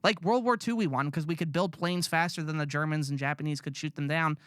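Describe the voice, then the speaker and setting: A man's voice: fairly high pitch, fairly quick, a bit bright, dry recording, clean studio sound. A man ranting bluntly and profanely in casual podcast chat. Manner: blunt, profane, rambling rants. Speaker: podcast co-host.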